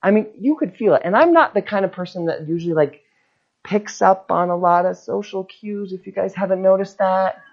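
A guest preacher giving an informal sermon as a personal story, animated and acting out the people in it. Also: mid-range voice, a little fast, creaky. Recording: dull lo-fi recording.

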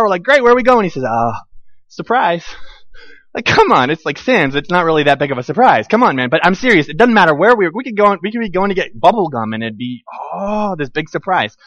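Animated high-voiced man preaching a sermon. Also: no echo. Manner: animated storytelling, acts out family quotes. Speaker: pastor. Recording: dull, dry sound.

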